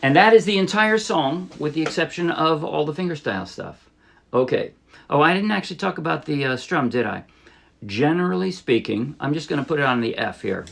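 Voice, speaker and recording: A man teaching a ukulele song in a relaxed, casual way, thinking aloud and correcting himself as he plays. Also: on the high side, fairly quick, gravelly, soft background music. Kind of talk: casual instructional talk. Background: ukulele playing.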